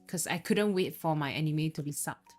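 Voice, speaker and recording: A woman's voice: sits low, moderate pace, darkish tone. A young woman from Singapore with a Singaporean English accent, chatting casually with viewers on a live stream, laughing often and switching between English, Mandarin and Japanese. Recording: faint background music.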